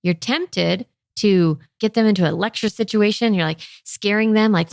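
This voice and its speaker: A woman in her thirties coaching parents in a lively, energetic way, often acting out a parent's inner thoughts and checking in with "okay?". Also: medium pitch, moderate pace, gravelly, few pauses, no room sound, studio quality.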